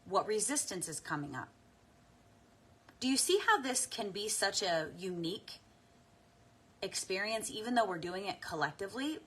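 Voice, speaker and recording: A woman guides a slow tapping meditation, speaking softly and without hurry, with an animated, breathy edge to her voice. She pauses often to take deep breaths and sigh audibly.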